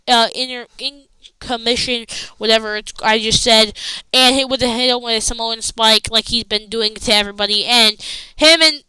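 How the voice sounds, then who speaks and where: A high-pitched woman with a bright, sharp tone chats excitedly through a wrestling recap. She rambles, restarts her sentences, and fills the gaps with ums. The sound is dry and close, with almost no room behind her. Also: smooth, no room sound, poor audio. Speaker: wrestling show reviewer. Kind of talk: casual recap chat.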